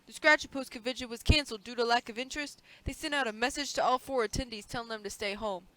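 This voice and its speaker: A woman reading aloud from a game, voicing a blunt, unbothered man who answers in a flat, dismissive way. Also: on the high side, quick pace, no echo, lightly acted, poor audio.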